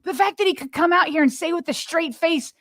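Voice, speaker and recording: A woman co-hosting a sports podcast, giving emphatic, animated opinions in casual talk. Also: very high voice, a little fast, no room sound, clean studio sound. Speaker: podcast co-host.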